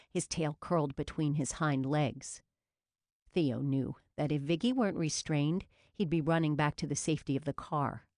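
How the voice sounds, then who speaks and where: A woman narrating a police novel as an audiobook in an even, measured reading. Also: low-pitched, no echo, studio quality. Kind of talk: scripted narration.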